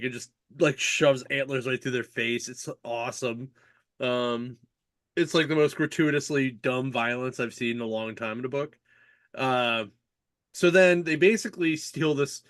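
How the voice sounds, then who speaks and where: A man hosting a comics podcast in casual chat, retelling a story excitedly with lots of fillers and laughter. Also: mid-range voice, no room sound.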